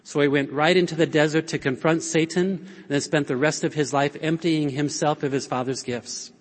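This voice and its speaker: A man's voice: a little high, fairly even intonation, normal speed. Earnest male preacher in a reverberant hall. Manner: earnest, prompts audience with "right?" and call-and-response. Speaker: speaker at a Catholic conference. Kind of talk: conference talk preaching to an audience. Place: large conference hall.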